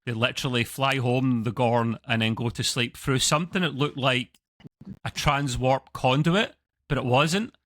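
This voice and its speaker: This co-host of a TV review show, a man from Scotland with a Scottish accent, rambles through a casual video-call chat, correcting himself and chuckling as he goes. His mid-range voice is fairly bright at a moderate pace, recorded without room sound.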